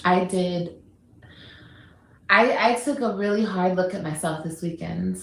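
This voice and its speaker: A woman's voice: lowish voice, measured pace, vocal fry. Blunt scolding woman, echoey room. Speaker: livestreamer, mother. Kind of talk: casual livestream talk.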